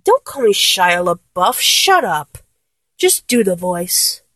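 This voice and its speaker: A young woman in a one-sided audio role-play, talking to an unseen partner. She is breathless and giddy, and she swings from low murmurs to high squeals. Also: sing-song, slow, pushed and bright, breathy edge, dry recording.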